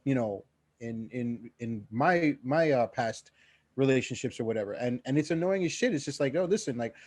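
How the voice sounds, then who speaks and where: A man's voice: medium pitch, expressive, normal speed, a little mellow, dry recording, clean studio sound. Rambling, swearing young man on a podcast. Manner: rambling, frequent restarts and swearing. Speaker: podcast co-host. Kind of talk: casual podcast chat.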